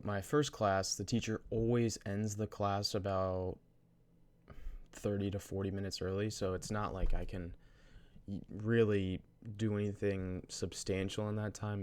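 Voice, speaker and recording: Low-voiced young man telling a story. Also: a little mellow. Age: young adult. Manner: rambling, with many restarts and slang. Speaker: vlogger. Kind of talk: casual storytime.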